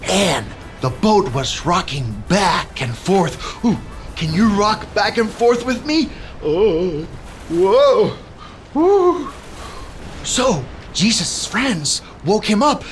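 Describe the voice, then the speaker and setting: A woman's voice: medium pitch, sing-song, takes it slowly, soft background music. A woman playing a cheerful male handyman who tells a Bible story to children, calling them to join in with actions. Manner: playful, calls kids to join in. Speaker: children's church presenter.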